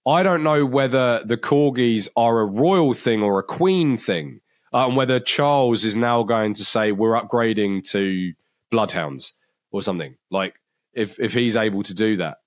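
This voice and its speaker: Casting note: guy, mid-pitch voice, rambly chatty co-host, lots of restarts. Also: moderate pace. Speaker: podcast co-host. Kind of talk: casual chat.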